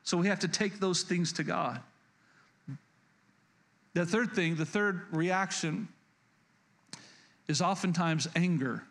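A pastor preaching a sermon, earnest and repeating key lines for emphasis, with frequent restarts. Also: male voice, high-pitched, slow, long pauses, fairly bright tone.

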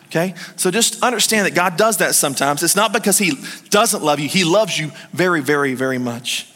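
A man preaching a sermon as pastor of a church, telling stories in a lively way and calling on the congregation to answer him. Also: on the high side, quick pace. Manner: lively storytelling, calls on the congregation to respond. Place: church hall. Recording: long hall reverb.

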